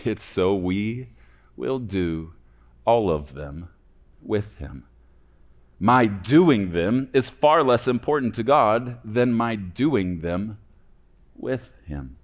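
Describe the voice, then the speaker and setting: A man preaching a sermon, rising to loud emphatic peaks and dropping to soft, hushed phrase endings. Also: on the low side, lively intonation, slow. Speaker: pastor.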